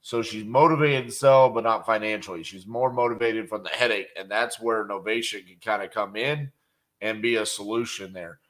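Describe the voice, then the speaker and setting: A man hosting a casual live stream, chatting and leaving upbeat voicemails to sellers. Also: lowish voice. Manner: relaxed and chatty, quick laughs, upbeat on calls. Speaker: real estate wholesaler and channel host.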